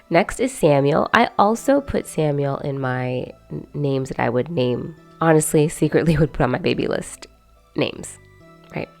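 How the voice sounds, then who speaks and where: Young female vlogger, low and gravelly, loose chatty rambling delivery. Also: animated, measured pace, faint music behind. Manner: rambling and chatty, many fillers and asides. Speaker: video host. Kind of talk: casual chat to camera.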